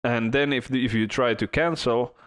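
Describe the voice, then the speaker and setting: A man hosting a casual podcast, chatting and reading hotel reviews aloud, often halting and restarting mid-sentence. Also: medium pitch, steady tone, a bit bright, clear, resonant tone. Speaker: podcast host. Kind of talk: casual chat.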